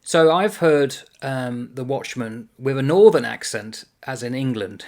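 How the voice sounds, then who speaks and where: A man's voice: mid-range voice, a little slow, a little mellow. A man casually explaining a classic play for a book review video, thoughtful and meandering, often correcting himself as he goes.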